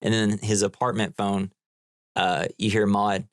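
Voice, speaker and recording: A man's voice: on the low side, little pitch movement, unhurried, no echo, studio quality. A man co-hosting a casual movie podcast, recapping the plot in a rambling way, full of "like". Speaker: podcast co-host.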